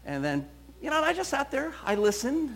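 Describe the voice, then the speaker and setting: A man, a counselor, telling stories from his counseling work in an animated, storytelling way. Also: very high-pitched, brisk, gravelly. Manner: animated storyteller, quoting voices. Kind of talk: storytelling talk.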